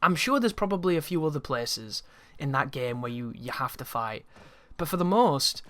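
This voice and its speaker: A man's voice: mid-range voice, lively intonation, moderate pace, pushed and bright. A man giving casual, rambling, opinionated commentary over a video game, swearing freely as he talks. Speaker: gameplay commentator.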